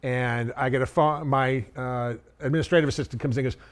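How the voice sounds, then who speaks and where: A man, a former journalist, telling a long comic anecdote on a podcast in a casual, animated way, stumbling over restarts now and then. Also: mid-range voice, a little fast. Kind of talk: casual comedy storytelling.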